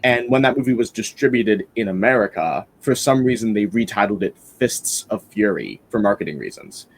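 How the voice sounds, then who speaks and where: Low-ish guy rambling on a film podcast, lots of um and uh. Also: expressive, normal speed, slight background noise. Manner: rambling, enthusiastic, lots of fillers and restarts. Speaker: podcast host reviewing a film. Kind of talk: casual film-review chat.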